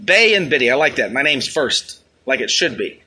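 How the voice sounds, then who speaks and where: A man's voice: medium pitch, big pitch swings, moderate pace, bright, forceful tone, slightly rough. A man hosting a podcast, ranting in a crude, rambling, heavily profane comic style. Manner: crude, rambling, heavy swearing. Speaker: podcast host. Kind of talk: casual profane comic rant.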